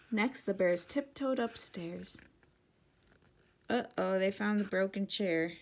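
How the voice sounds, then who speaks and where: A woman teacher giving an interactive children's read-aloud, speaking directly and warmly to the kids. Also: medium pitch, a little slow.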